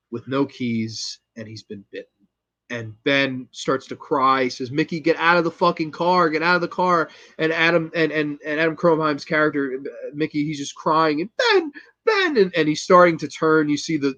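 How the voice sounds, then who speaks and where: Man host, fairly high voice, swearing enthusiast retelling horror scenes, dull lo-fi audio. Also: fairly bright tone. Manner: enthusiastic, profane, retells scenes with quoted lines. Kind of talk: casual film review monologue.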